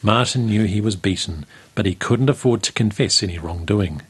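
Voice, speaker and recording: Husky low-voiced male storyteller. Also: normal speed. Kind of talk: storybook reading.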